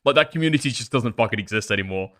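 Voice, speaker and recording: A man's voice: on the low side, lively intonation, very fast, fairly bright tone. A young man doing casual stream commentary, swearing often, laughing and making sarcastic asides.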